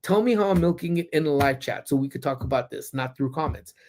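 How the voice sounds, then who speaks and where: This livestream host talks fast and animatedly in a slightly high, darkish voice, sitting in a parked car. Hailing from Southern California, he tells stories full of ums and gets blunt and profane when something annoys him.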